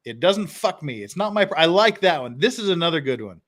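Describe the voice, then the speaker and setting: A man's voice: on the high side, sing-song, brisk, a bit bright. Chuckling man hosting a live stream. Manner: chuckles often, reads phrases aloud. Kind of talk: casual live-stream commentary.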